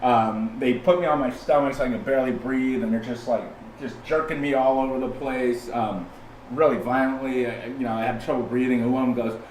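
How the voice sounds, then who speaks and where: A man from California, a podcast guest, telling a story in a casual, animated way, often restarting and acting out the people he quotes. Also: mid-range voice, brisk, slight background noise. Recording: roomy sound from a distant mic, faint ambience.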